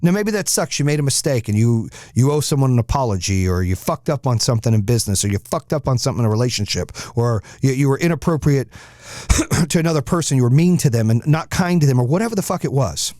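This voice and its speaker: A man's voice: mid-range voice, animated, quick pace, a little mellow, no echo, clean studio sound. A man hosting a podcast, giving a blunt, profane, fired-up motivational monologue. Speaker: podcast host.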